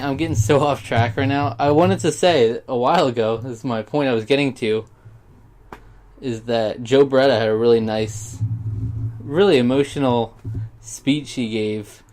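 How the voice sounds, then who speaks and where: A man's voice: medium pitch, a little mellow. A young man with a mid-range voice talks straight to camera in a loose, rambling vlog. He drifts off track, restarts his thoughts and speaks with open, sincere feeling. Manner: rambling, sidetracked, heartfelt. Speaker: YouTuber. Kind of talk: casual vlog monologue.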